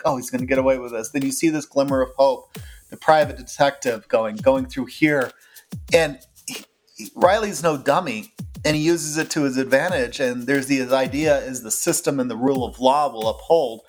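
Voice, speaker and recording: A man talking in a casual podcast chat, retelling a story and acting out what the characters say. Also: medium pitch. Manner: animated, acts out characters' lines in quotes. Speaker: podcast co-host. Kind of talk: casual book club chat.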